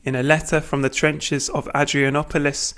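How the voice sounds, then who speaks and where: A British man reading a manifesto aloud at a deliberate pace, breaking off for wry asides and small self-corrections. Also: on the high side, level tone, a bit bright. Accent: British English. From Britain. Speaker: reader of a manifesto.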